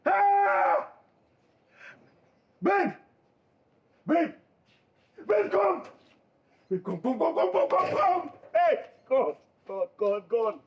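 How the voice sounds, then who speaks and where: An actor with a Nigerian English accent playing a hopeful young jobseeker who stammers, gushes thanks and slips into pidgin. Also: male voice, fairly high pitch, very animated, a little slow, long pauses, muffled recording, a little hiss or hum. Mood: overjoyed. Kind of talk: film drama acting.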